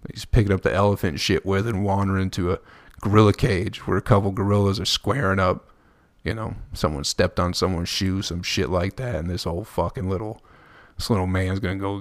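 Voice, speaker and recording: A man's voice: sits low, creaky, dry recording, clean studio sound. A man hosting a podcast, rambling through a profane comedic monologue and laughing at his own jokes. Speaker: podcast host.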